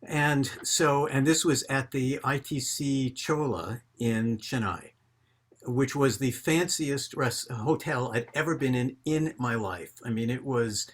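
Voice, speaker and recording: A man's voice: medium pitch, takes it slowly, breathy edge. An older man telling a rambling story on a group video call, with many fillers and restarts.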